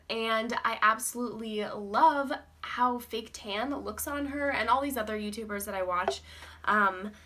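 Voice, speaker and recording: A young woman talks casually to her camera, rambling and giggly, full of "like" and "um". Her voice sits a bit high and sounds bright and forward. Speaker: beauty vlogger. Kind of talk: casual chatty vlog.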